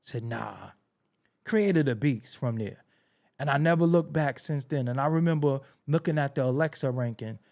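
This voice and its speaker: A man's voice: fairly high pitch, normal speed. A man with a New York accent hosting a podcast, telling a story in a casual monologue and acting out the dialogue with plenty of swearing. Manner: animated, acts out quoted dialogue, swears freely. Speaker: podcast host.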